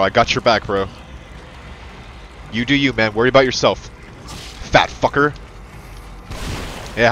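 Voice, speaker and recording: A man giving let's-play commentary, excitable and profane, yelling at the game and talking to his in-game partner like a buddy. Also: medium pitch, slight background noise. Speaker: gaming channel host.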